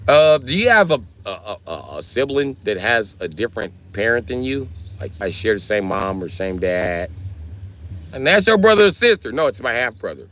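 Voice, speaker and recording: Animated, profane livestreaming man. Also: on the low side, a little fast. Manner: profane, animated storytelling with voiced asides. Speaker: livestream host. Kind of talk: casual livestream chat.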